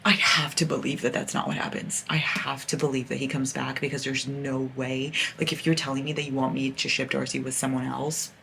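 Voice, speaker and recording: A woman's voice: a bass voice, little pitch movement, a little fast, gravelly, hardly any pauses, pushed and bright, slight background noise. Emotional young woman ranting about a book. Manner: emotional, swearing, exasperated rants. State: upset from crying. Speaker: book vlogger. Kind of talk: casual reading vlog chat. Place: at home.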